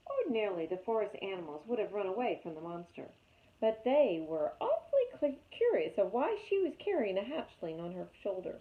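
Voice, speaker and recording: A woman reading a chapter book aloud with lively, expressive storytelling. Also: mid-range voice, brisk. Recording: tinny phone-like sound.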